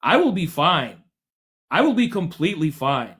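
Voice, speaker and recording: Mocking livestream host, slightly high voice. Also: male voice, big pitch swings, moderate pace, fairly bright tone. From United States. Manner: combative, mocking, talks over callers. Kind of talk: heated livestream argument.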